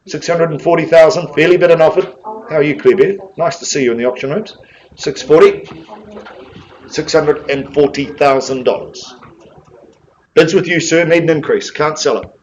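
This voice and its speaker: Bantering New Zealand auctioneer, bright-pitched man. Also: normal speed, dull audio, slight background noise. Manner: joking, coaxing banter between bid calls. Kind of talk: live property auction calling.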